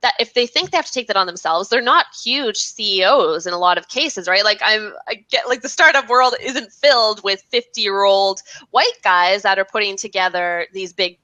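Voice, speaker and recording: A woman with a bright, crisp voice gives blunt copywriting advice. She talks in quick asides with many short sentences. The recording is dry and close, with no room sound. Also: medium pitch, no echo, rough recording. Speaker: guest copywriting expert. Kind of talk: live online review session.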